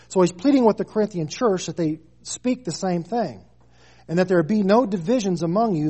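Man, 30s, preacher, husky, mellow, emphatic repetition, sermon. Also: sits high, animated, brisk. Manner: preaching with rising emphatic stresses and repeated phrases.

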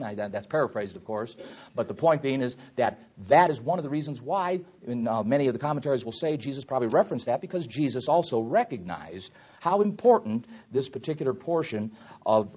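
A man preaching a Bible teaching sermon, swelling loud on quoted scripture and dropping low on asides. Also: lively intonation, fast talker, dull audio.

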